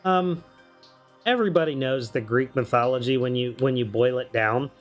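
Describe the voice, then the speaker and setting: A man's voice: mid-range voice, normal speed, soft background music. A man from New York with a slight Southern drawl, chatting casually and swearing freely while streaming a video game. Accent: mild Southern drawl. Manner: chatty, profane, laughs often. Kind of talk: casual gameplay commentary.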